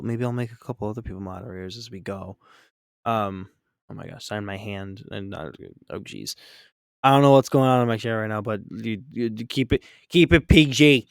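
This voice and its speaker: A man's voice: on the low side, vocal fry, smooth, no echo, clean studio sound. A man painting on a live stream, chatting casually and reacting to chat in an upbeat, rambling way.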